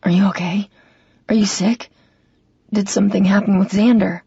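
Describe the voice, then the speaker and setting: A woman's voice: medium pitch, steady tone, moderate pace, creaky, warm tone, breathy edge, no echo, lo-fi sound. A woman voicing a protective, guilt-ridden young man who speaks urgently and with hostility, in an audiobook. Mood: worried. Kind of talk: audiobook character voice.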